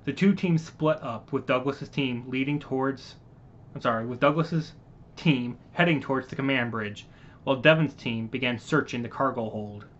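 A man reading his own science-fiction story aloud in a halting way, stopping to apologize and correct his slips. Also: medium pitch, fairly bright tone, slight background noise. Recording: muffled lo-fi recording.

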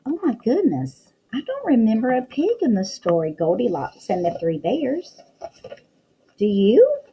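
A woman's voice: a little high, huge pitch swings, unhurried, lo-fi sound, a little hiss or hum. A woman teacher reading a picture book aloud to young children, full of exclamations and questions to the listener.

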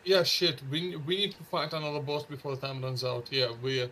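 A man chatting casually while playing a co-op game, excitable and often repeating words. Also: a little high, a little fast. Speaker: gamer playing co-op.

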